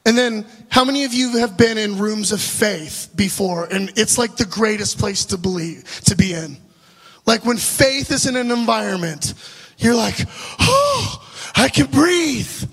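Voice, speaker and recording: A man preaching a storytelling sermon, animated and laughing at his own asides, addressing the congregation directly. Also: high-pitched, normal speed. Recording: live sermon with long hall reverb.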